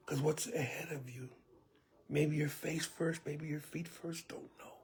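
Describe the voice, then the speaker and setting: The man is a church elder preaching, and his sermon comes across vividly, with frequent hushed whispers and pleading asides. Pitched on the high side and slightly rough, his voice holds a steady tone at a slightly slow pace.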